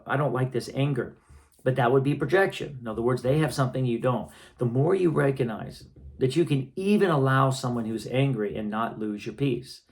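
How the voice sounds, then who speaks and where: A man giving a spiritual healing lesson in a calm, patient way, often checking that listeners follow and repeating key phrases. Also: medium pitch. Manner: repetitive, reflective phrasing. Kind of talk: teaching talk to an audience.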